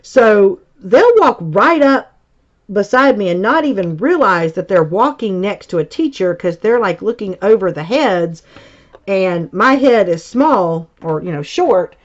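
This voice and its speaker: A woman and high school teacher chatting casually as she tells a story from her childhood, rambling and full of filler words. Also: lively intonation, a little slow. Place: home crafting space. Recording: dull lo-fi recording.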